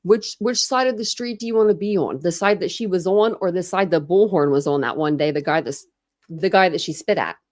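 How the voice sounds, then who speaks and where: A woman's voice: fairly low pitch, a little fast, darkish tone, no room sound. A woman from Ohio hosting a casual true crime live stream, rambling, laughing often and answering chat comments. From Ohio, USA.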